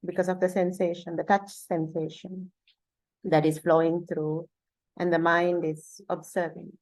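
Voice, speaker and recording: A woman guides a meditation lesson, leaving long deliberate pauses between her words. Her voice is mellow and low-set, and the recording is close and dry. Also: no room sound, rough recording. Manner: slow, pausing deliberately, with soft fillers and self-corrections. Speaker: meditation teacher.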